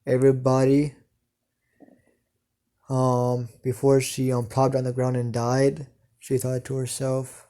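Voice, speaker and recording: A man narrating an improvised fan story, halting and full of hesitations. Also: medium pitch, monotone, warm tone.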